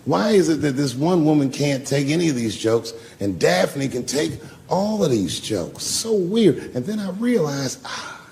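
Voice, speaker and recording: A man's voice: on the high side, very animated, measured pace, vocal fry, few pauses, a little mellow. A man doing live stand-up, telling stories in a loose, profane, conversational way. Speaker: stand-up comedian.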